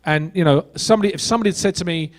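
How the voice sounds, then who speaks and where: Brief: middle-aged male actor, raised pitch, lively panel storyteller voicing quoted dialogue. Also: very fast. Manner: animated storyteller who acts out quoted dialogue. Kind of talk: convention panel anecdote.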